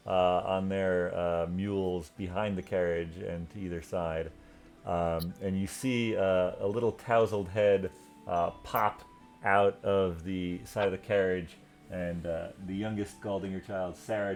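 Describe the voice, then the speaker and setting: A young man narrating a tabletop game as game master, relaxed and halting. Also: low-pitched.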